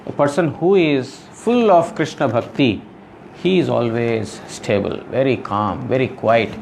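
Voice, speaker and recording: A man's voice: mid-range voice, unhurried, gravelly, a little mellow, a little hiss or hum. A man giving a devotional scripture lecture, explaining earnestly and repeating phrases with frequent "you know". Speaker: spiritual teacher.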